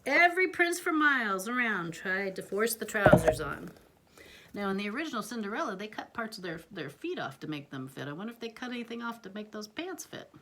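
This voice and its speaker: A woman reading a picture book aloud to a child, playful, with chatty asides and hushed whispers. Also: mid-range voice, big pitch swings, brisk, noisy background. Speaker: parent reading a storybook to a child. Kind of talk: animated read-aloud storytelling.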